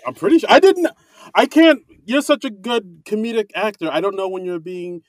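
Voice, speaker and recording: A man co-hosting a casual comedy podcast, chatty and rambling, quick to laugh. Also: high voice, very animated, no echo. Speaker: podcast co-host.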